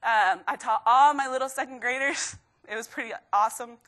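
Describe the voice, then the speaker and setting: A woman in her thirties speaks to a room of students, her voice bright and a little high. She tells lively stories from her own life and acts out the voices in them. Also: a little fast. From Texas, USA. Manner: lively storytelling with acted quotes and laughs. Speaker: motivational speaker. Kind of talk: motivational talk to students. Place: stage before a live student audience.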